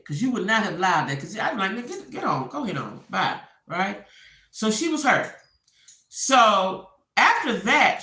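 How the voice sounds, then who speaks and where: A woman's voice: mid-range voice, reverberant. A woman doing casual gossip commentary, acting out the quotes as she retells a story. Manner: animated storytelling, acts out quotes.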